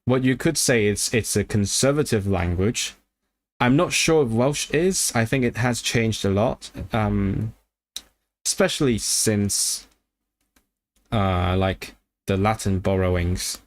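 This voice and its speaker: A man chats casually on a livestream about learning languages in a voice on the low side. He thinks aloud, restarting often, with quick bursts of excitement.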